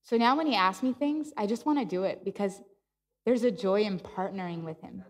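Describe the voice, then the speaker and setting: A woman's voice: mid-range voice, fairly quick. Woman preaching at church, storytelling style, lots of back-and-forth dialogue, echoey hall. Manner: animated storytelling with laughs and acted-out dialogue. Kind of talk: sermon.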